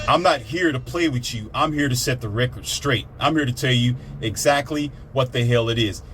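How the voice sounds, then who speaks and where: A man's voice: mid-range voice, normal speed, music in the background. A man giving a blunt, preachy motivational monologue, repeating himself to drive points home. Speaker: motivational speaker.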